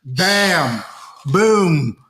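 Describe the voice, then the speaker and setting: A man co-hosting a casual marriage podcast, talking in an animated, slangy way, repeating words and acting out quotes. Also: fairly high pitch, very slow. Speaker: podcast co-host. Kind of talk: casual chat.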